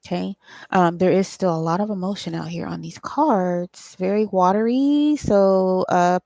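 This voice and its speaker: A woman's voice: on the low side, unhurried, gravelly, mellow, dry recording. A woman giving a casual solo tarot reading, thinking aloud in a loose, profane way with frequent ums. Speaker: tarot reader and psychic channeler.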